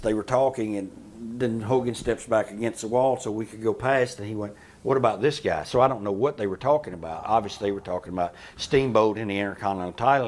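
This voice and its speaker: A man telling wrestling-career stories in an interview, animated and profane, laughing often. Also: lowish voice, a little hiss or hum. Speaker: interview guest, retired wrestler. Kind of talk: shoot interview storytelling.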